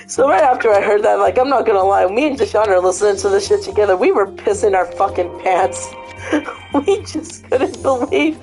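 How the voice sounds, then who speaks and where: A woman hosting a casual vlog, cursing freely as she tells an animated story. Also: mid-range voice, normal speed, faint music behind. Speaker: vlog host. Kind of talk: casual chat and retelling.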